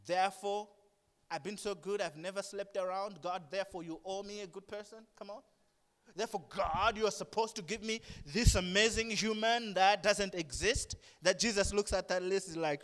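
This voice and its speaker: A man preaching a sermon, animated, swinging from hushed asides to loud emphatic bursts. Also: high voice, normal speed. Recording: long reverb of a large hall.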